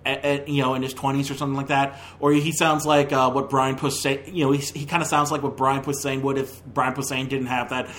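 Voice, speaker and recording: A man's voice: mid-range voice, flat delivery, brisk, few pauses, a bit bright, slight background noise. A man hosting a movie podcast, ranting in a heated, opinionated way, with many stumbling restarts. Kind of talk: casual opinionated review.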